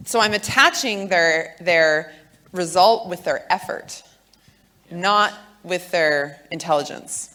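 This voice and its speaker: Woman, 30s, earnest, clear explaining, talk on raising kids. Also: fairly low pitch, unhurried, a bit bright. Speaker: co-speaker on leadership. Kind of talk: explanatory talk on parenting and mindset.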